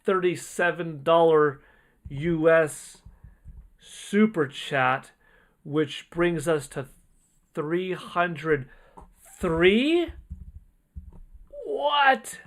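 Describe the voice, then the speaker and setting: A man hosting a casual livestream, reading out donations in an excitable, rambling way and often exclaiming. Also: on the high side, very slow, long pauses. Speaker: livestream host.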